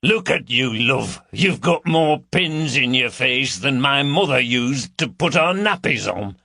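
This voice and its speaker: A man voicing a bulky, coarse man, who talks in a slow, mocking drawl. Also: medium pitch, expressive, gravelly, bright, forceful tone, slightly rough, dry recording, studio quality, voice pushed up, full character voice. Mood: leering. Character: bulky coarse Yorkshire man, leering and blunt.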